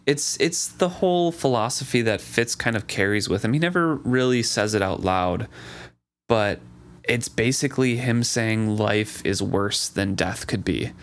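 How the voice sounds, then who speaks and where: A man's voice: on the low side, lively intonation, measured pace. A man co-hosting a casual book chat, reading passages aloud and reflecting thoughtfully. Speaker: book discussion co-host.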